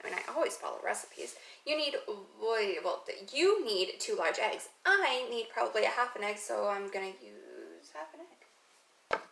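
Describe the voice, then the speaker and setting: A very animated young woman with a fairly high, creaky voice talks at a moderate pace through a recipe. This cooking vlogger's demo is casual and rambling, full of self-mocking comments, and her home kitchen audio is noisy.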